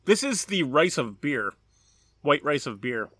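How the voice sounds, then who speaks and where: A man's voice: a little high, sing-song, a little slow, a bit bright, slightly rough, no echo. Easygoing middle-aged man, dry recording. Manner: easygoing, offers trivia. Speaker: podcast co-host. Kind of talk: casual chat. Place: outdoors at a backyard gathering.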